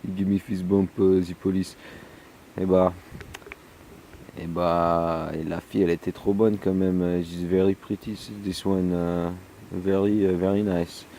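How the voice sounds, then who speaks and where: A hungover, tired man with a French accent talking casually outdoors on a deck, halting and full of fillers and slipping between English and French. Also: sits low, flat delivery, dark tone, slight background noise. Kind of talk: rambling casual vlog.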